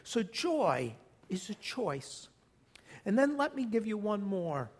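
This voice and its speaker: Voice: mid-range voice, big pitch swings, slow, breathy edge. A pastor preaches a sermon in a church, emphatic and direct, stressing key words and calling on the congregation to respond.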